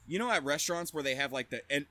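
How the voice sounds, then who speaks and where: Bright-voiced young man telling a story. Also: a little high, very fast. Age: young adult. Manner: profane, animated anecdote telling. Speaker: podcast co-host. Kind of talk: casual storytelling.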